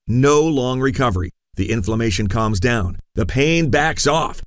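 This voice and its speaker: A man's voice: mid-range voice, no room sound, clean studio sound. A man co-hosting a radio show, reading an earnest, persuasive ad.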